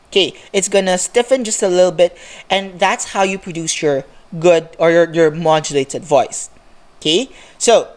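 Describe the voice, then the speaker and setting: A woman teacher giving a recorded lesson to sixth graders, explaining step by step and checking in often with a quick "okay?". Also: on the low side. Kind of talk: recorded online class lesson.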